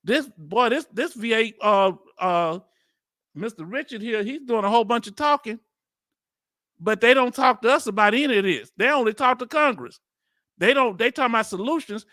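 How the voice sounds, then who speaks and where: Reacting to a hearing on video, a Southern man talks in casual slang, laughing a lot and sounding disbelieving. His very high-pitched voice is animated and sharp at a normal pace, recorded at studio quality with no echo.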